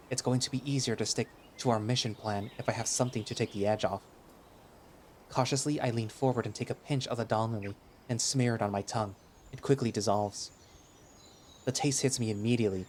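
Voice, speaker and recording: A man narrates a first-person audio story with wry, expressive delivery. His voice sits in a middle range. Faint outdoor ambience with birds stays low behind him. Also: a little hiss or hum. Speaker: narrator and lead voice.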